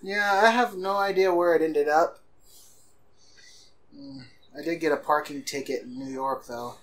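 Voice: mid-range voice, steady tone, a little slow, fairly bright tone. A co-commentator on a let's play, making dry, teasing remarks about the game. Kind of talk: casual gaming chat. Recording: game music in the background.

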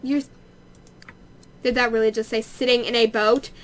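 Young female let's-play host, high voice, bubbly and gushing, casual home commentary with faint hiss. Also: normal speed. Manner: bubbly, easily excited, gushing.

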